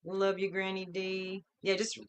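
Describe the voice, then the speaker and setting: A woman's voice: medium pitch, monotone, a little slow. A middle-aged woman hosting a casual livestream from home, chatting upbeat and greeting viewers by name one after another. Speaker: livestream host.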